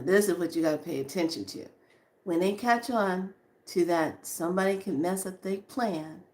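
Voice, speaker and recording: A woman recounts a personal story in a loose, animated way. She doubles back on her words and keeps the telling lively. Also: lowish voice. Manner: animated, repeats words and acts out quotes. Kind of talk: casual storytelling.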